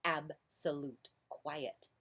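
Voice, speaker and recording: A woman voicing a fussy, grumpy male bear who demands quiet, with stern, theatrical complaints. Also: medium pitch, lively intonation, normal speed, husky.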